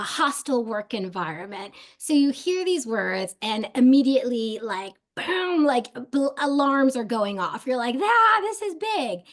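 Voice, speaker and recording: A woman speaking as a guest on a webinar panel, animated and emphatic, with many fillers. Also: medium pitch.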